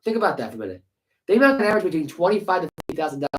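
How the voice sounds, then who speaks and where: A man's voice: high voice, big pitch swings, rapid-fire, low-quality recording. A man co-hosting a sports podcast, ranting heatedly with profanity and sarcastic rhetorical questions. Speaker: podcast co-host. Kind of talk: casual sports podcast rant.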